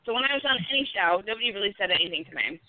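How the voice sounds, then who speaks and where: A woman's voice: mid-range voice, animated, racing. Woman rambling on a podcast, laughs a lot, phone-thin audio with a bit of hiss. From New Jersey. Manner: chatty, laughing, swearing. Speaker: podcast co-host. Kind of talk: casual chat. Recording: tinny phone-like sound with faint noise.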